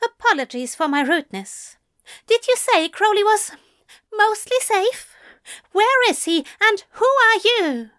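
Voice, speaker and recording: A woman's voice: extremely high pitch, expressive, measured pace, a bit bright, dry recording, clean studio sound, pitched above the performer's own voice, heavily acted. A woman reading a story aloud, voicing a tipsy, fussy male angel who talks in a formal, flustered way.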